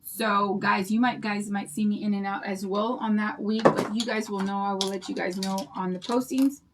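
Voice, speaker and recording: A woman's voice: medium pitch, fairly even intonation, normal speed, very noisy. An older woman hosting a craft livestream, chatting to her viewers in a bubbly, rambling storytelling way.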